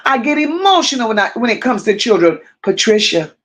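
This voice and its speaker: Her voice is a little high with big pitch swings as she hosts a live stream, reading and answering viewer comments. She takes her time, repeats phrases for emphasis, and chats with viewers like they're close friends.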